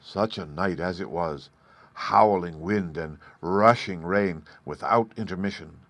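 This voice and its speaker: A man reading a fairy tale aloud in measured storybook narration. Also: deep voice, a bit bright, no room sound. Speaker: audiobook reader.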